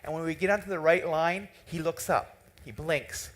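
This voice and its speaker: A man giving a conference keynote in a hall, telling a story with lively quoted dialogue. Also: fairly high pitch, normal speed. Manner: animated, tells a story and quotes the people in it. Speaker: keynote speaker.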